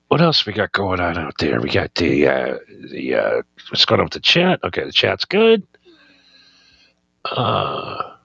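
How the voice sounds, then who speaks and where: A young man co-hosting a podcast in casual chat, joking loudly and laughing a lot. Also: low-pitched, vocal fry, breathy edge, no echo, highs cut off. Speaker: podcast co-host.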